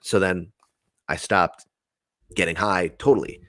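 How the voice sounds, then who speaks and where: A young man from New Jersey with a deep, low voice tells a rambling story in casual chat. He acts out the other people's lines, swears freely and keeps the pace lively. The sound is close and dry, with no room around it. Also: unhurried, no room sound.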